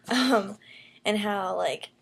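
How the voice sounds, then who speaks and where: A young woman from the Southern United States with a Southern American accent, explaining things casually and slowly in a rambling vlog full of fillers. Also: mid-range voice, gravelly, a little hiss or hum. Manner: rambling, many fillers and restarts; speaks slowly for a learner.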